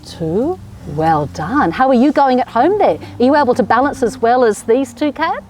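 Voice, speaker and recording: A woman's voice: high voice, big pitch swings, moderate pace, a little mellow, a little hiss or hum. An Australian woman leading a children's yoga class in an encouraging, sing-song way, with playful animal sounds. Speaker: kids yoga teacher.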